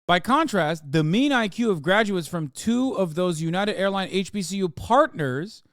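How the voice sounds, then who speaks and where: A man in his thirties streaming live, reacting to posts with profane, mocking commentary that swings from loud outrage to mumbled asides. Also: high voice, animated, moderate pace, no echo, clean studio sound.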